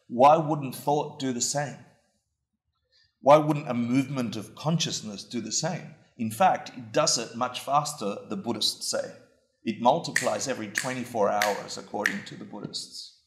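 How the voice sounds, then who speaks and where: A man's voice: mid-range voice, creaky. A man giving an informal dharma talk, conversational and self-mocking, often asking his listeners questions. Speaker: dharma teacher. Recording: echoey room.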